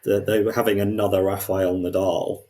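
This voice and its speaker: A man co-hosting a podcast, talking in an animated way with many restarts and acted quotes. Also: sits low, normal speed. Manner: animated, quotes people in put-on voices, frequent restarts. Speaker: podcast co-host. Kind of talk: casual discussion.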